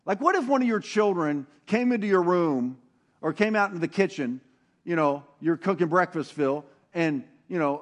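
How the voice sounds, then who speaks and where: A middle-aged man preaching a sermon with animated swings from loud emphasis to hushed, intimate tones. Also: sits high, moderate pace. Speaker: pastor.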